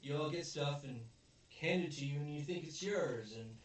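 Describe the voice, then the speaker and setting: A man's voice: on the high side, expressive, moderate pace, voice pushed up, lightly acted. A man casually imitating a belligerent male cop who rants bluntly, recorded in a very echoey room from a distant mic.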